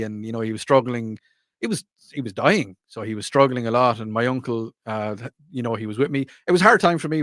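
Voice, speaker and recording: An Irish man talks on the radio in a loose, rambling way and laughs at his own jokes. His voice sits at an ordinary middle pitch. The studio sound is close and dry. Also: fairly bright tone, dry recording. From Ireland. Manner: rambling, jokey, self-mocking. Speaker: radio talk show host. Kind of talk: casual radio chat. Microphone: studio microphone.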